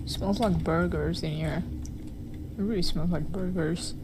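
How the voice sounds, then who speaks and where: A woman's voice: lowish voice, steady tone, measured pace, low-quality recording. A woman casually playing a game, reading its text aloud and reacting with giggly, playful disgust. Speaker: gamer. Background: game music.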